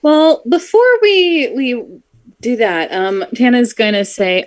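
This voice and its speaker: Lively-voiced woman player. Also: fairly high pitch, takes it slowly. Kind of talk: casual tabletop play.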